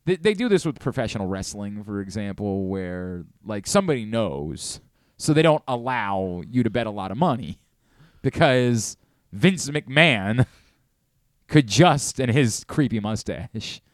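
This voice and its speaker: Male sports radio host, lively swinging delivery, dry close studio mic. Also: fairly low pitch, measured pace, no echo. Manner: rambling, self-deprecating, animated. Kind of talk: casual sports talk. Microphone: studio microphone.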